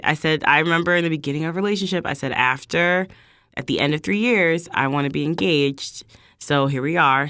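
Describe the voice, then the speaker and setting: Low-pitched female vlog host, chatty storyteller who acts out the people she quotes, dry recording. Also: clear, resonant tone, no room sound. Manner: animated, quotes people in higher voices. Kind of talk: casual storytelling.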